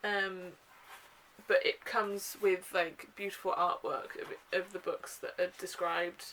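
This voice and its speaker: A young woman, a book vlogger, chats about a book haul in a home video with poor audio and slight background noise. Her voice is on the low side and a bit bright, delivered slowly and flatly, yet she gushes about the books with plenty of fillers like um and uh.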